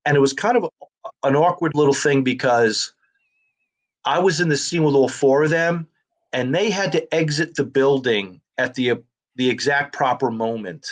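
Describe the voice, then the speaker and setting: In relaxed conversation, this actor and comedian spins stories with energy, acting out each line of quoted dialogue. He has a mid-range voice and talks at a normal speed.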